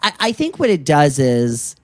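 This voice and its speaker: A man's voice: fairly high pitch, wildly swooping pitch, a little slow, no room sound. A man co-hosting a podcast, thinking aloud in a reflective, casual way. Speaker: podcast co-host. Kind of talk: casual chat.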